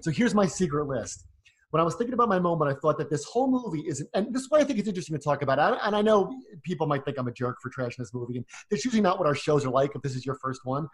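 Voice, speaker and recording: A man co-hosting a film podcast, arguing quickly and critically about a movie in casual conversation. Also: on the high side, animated. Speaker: podcast co-host.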